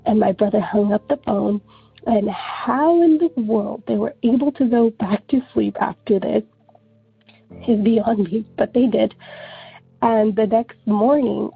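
A woman with a very husky, breathy voice and a gravelly fry tells her story in a loose, rambling way, scattering "like" everywhere. She comes through a thin, phone-like line with faint music underneath. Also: fairly high pitch. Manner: rambling, heavy use of "like". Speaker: caller. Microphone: telephone.

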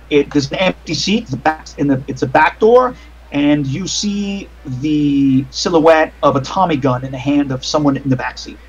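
A man's voice: a little high, lo-fi sound. A man running a tabletop game as game master, narrating in a meandering, hesitant way over online voice chat.

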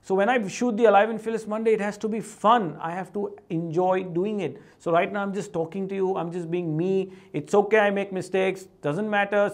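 A middle-aged vlog host with a high voice and an Indian English accent speaks directly to camera in a casual, motivational way. He's animated and keeps slipping into quick, playful impressions of family and colleagues.

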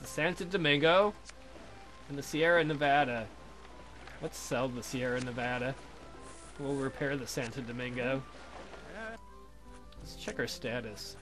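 A man's voice: medium pitch, a little slow, pauses often, over music. A young man giving casual, joking commentary over a pirate video game, with crude, playful asides. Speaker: let's play gamer.

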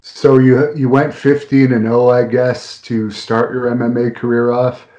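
A man hosting an interview, asking questions in a steady, measured way. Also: mid-range voice, echoey room, highs cut off. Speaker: interviewer, host.

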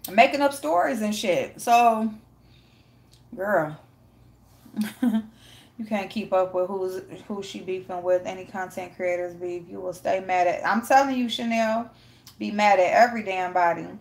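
A woman's voice: medium pitch, a little slow, vocal fry, long pauses. A woman hosting a casual live stream, reading chat and greeting viewers by name, blunt and profane with frequent laughter.

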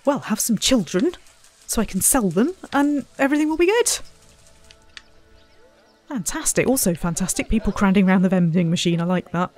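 Woman, let's-play host, chatty and wry, middle pitch. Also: lively intonation, moderate pace, long pauses, darkish tone, faint music behind. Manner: chatty, self-mocking, talks to the animals and visitors. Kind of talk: casual gameplay commentary.

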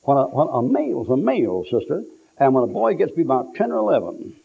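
A man preaching a sermon, telling folksy stories and acting out the people in them, sometimes shouting for effect. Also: medium pitch, huge pitch swings, fast talker, creaky, slight background noise. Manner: folksy storytelling, acts out quotes, shouts for effect. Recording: tinny lo-fi phone-like sound.

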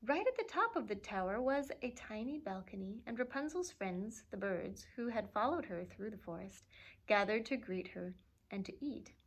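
A woman librarian reading a fairy tale aloud for children, expressive and lively, with playful asides. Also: mid-range voice, normal speed. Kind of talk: storybook read-aloud.

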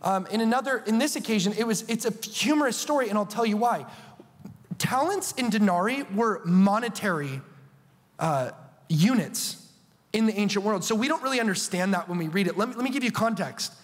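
A man preaching a sermon as a TV show host, telling the story in an animated, playful way with asides. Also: sits high, brisk, in a large hall.

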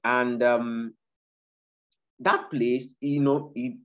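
With a steady mid-range tone and drawn-out words, a Nigerian author speaks about his book. He preaches emphatically and repeats himself to exhort his audience, and the recording is dull and low fidelity.

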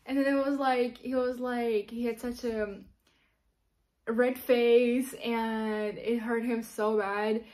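A young woman, her voice sitting a little high, tells a personal story straight to camera. She talks casually and giggles often, leaning on fillers as she goes. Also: little pitch movement, slow, darkish tone. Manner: chatty, giggly, many fillers. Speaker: vlogger.

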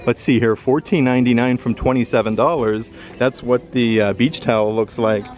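A man with a mid-range voice strolls through a shop with a handheld camera, chatting upbeat about what he sees. His casual vlogging tone keeps a steady, friendly flow as he reads out prices. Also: mid-range voice, moderate pace. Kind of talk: casual shopping walkthrough. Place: indoor retail store.

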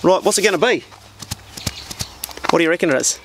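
Man, New Zealand accent, vlogger, blokey, casual, slightly high voice, faint rural background. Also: fairly quick, noisy background. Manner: chatty, blokey, slangy. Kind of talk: casual mail-opening vlog. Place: old farmhouse.

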